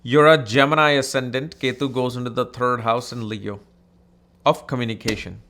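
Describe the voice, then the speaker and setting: A man from India teaching astrology in a casual, animated, conversational way, acting out people in his anecdotes. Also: mid-range voice, moderate pace, a little hiss or hum.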